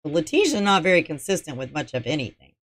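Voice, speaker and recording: A woman's voice: deep voice, sing-song, fast. A woman host narrating a murder trial recap, reading out testimony and adding dry, sarcastic asides. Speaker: true-crime channel host.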